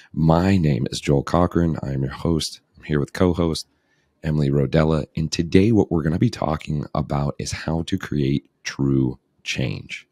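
A man's voice: very deep voice, dark tone, husky, no room sound, clean studio sound. A man hosting a podcast in a playful, upbeat, casual way, teasing himself now and then. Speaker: podcast host.

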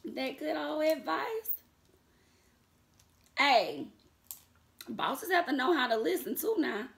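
A woman vlogger chats casually with her viewers, calling them y'all, laughing often and staying defiant and sassy toward critics. Her high voice has big pitch swings, vocal fry and a fairly bright tone, at a slow pace.

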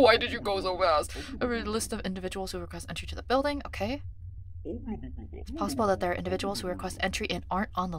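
A young woman streaming a game, reading its text aloud and thinking out loud, often scattered and flustered, with lots of ums. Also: medium pitch. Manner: scattered and chatty, many ums, gets flustered; reads on-screen instructions in a mumbly undertone.

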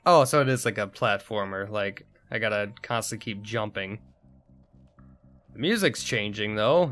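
A man giving casual commentary while playing a game, excitable and swearing when surprised. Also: on the low side, normal speed, faint music behind. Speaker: let's play host.

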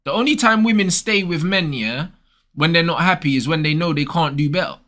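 A man's voice: fairly high pitch, brisk, a bit bright. A young man, ranting casually and bluntly with lots of slang as host. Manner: blunt, slangy, repeats "bro" and "bruv". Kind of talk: casual advice rant.

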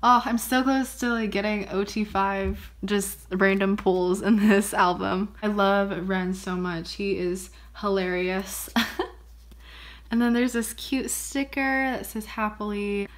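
A young woman talks to her camera while opening gifts, bubbly and effusive. She gushes over everything she pulls out, and her voice sits at an ordinary middle pitch for a woman. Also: fairly even intonation, takes it slowly. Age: young adult. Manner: bubbly, gushing, frequent gasps and laughs. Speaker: vlogger. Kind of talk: casual unboxing vlog.

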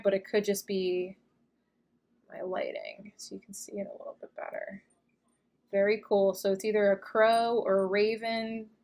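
With a medium-pitched, slightly mellow voice, this American unboxing channel host chats her way through the items. She's gushing and casual, leaning on lots of fillers as she inspects each one.

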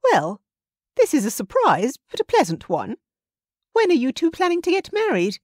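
Narrator lady doing a snooty older mum, high shrill voice way above her own, dry close sound. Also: huge pitch swings, moderate pace, a little mellow, no room sound. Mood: brisk. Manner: haughty, shrill and affronted. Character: pushy disapproving older mother, a woman. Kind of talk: audiobook character voice.

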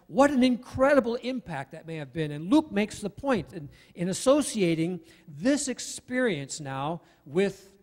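A man's voice: high-pitched, long reverb tail. A man preaching a sermon as pastor, in a conversational way with asides to the congregation. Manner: conversational, with asides and acted-out quotes. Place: church sanctuary.

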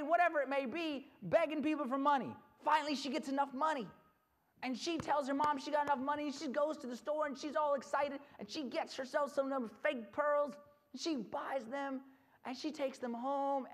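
A retreat speaker giving a storytelling sermon, lively and animated, who acts out the characters. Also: high voice.

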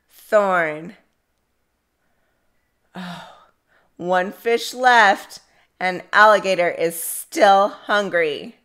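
Young woman speech therapist, slow and deliberate, smooth voice, repeats each practice word for toddlers. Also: mid-range voice, a bit bright. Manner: slow, drawn-out words for children to repeat.

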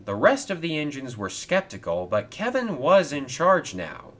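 A man narrating a toy train story in a lively storytelling manner. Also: mid-range voice, normal speed.

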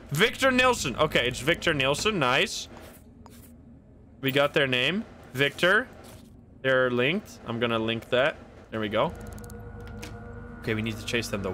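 A man's voice: medium pitch, pushed and bright. A man streaming himself playing a video game, narrating his moves with swearing, laughs and sudden outbursts. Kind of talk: casual gameplay commentary.

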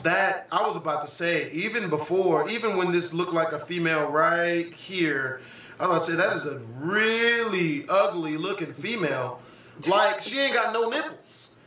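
Profane young man, high and bright. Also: moderate pace. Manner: profane, excitable, often laughing. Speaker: vlogger. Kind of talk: casual reaction commentary. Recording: echoey room, far from the mic, faint music.

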